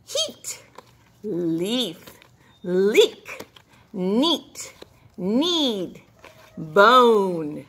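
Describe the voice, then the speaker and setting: A woman's voice: mid-range voice, big pitch swings, extremely slow, pauses often, sharp tone. A woman teaching a phonics lesson to young children, cheery and encouraging, drawing out each sound.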